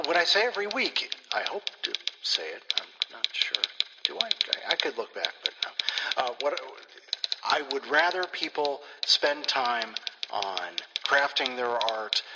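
Guy hosting a podcast, rambly and jokey, long reverb, loud hiss, typewriter clacking behind. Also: on the high side. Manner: self-deprecating, wandering asides. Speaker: podcast host. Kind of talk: casual, rambling podcast talk. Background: typewriter loop.

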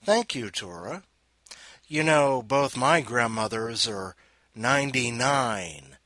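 A man hosts a podcast in a blunt, sardonic, profane way, sounding sick and worn out. His bright voice swings widely in pitch while he talks slowly. The sound is close and dry. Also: lively intonation, no echo. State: sick and tired. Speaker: podcast host. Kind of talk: casual monologue.

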